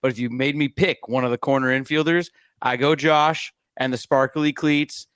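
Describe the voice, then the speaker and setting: A man co-hosting a sports podcast, a father telling stories in an animated, chatty way with frequent laughter. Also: medium pitch, normal speed, clear, resonant tone, dry recording, studio quality. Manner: chatty, animated storyteller who laughs often. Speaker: podcast co-host. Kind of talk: casual sports chat.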